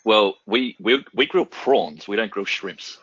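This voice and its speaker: Deep-voiced laid-back Australian man. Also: a little slow, a bit bright, husky, no echo, dull audio. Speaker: systems engineer, guest. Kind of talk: casual panel chat.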